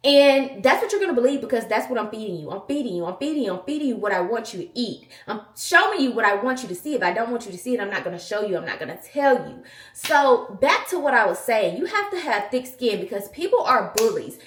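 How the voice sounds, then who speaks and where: A young woman talks to camera in a sassy, emphatic vlog chat. Her voice sits fairly high. The sound carries a roomy echo from inside a car. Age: 20s. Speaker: vlogger.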